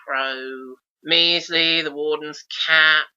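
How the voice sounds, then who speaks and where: A man's voice: a little high, steady tone, slow pace, pushed and bright, clear, resonant tone, lo-fi sound. A man hosting a casual podcast, chatting enthusiastically and listing things off. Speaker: podcast host.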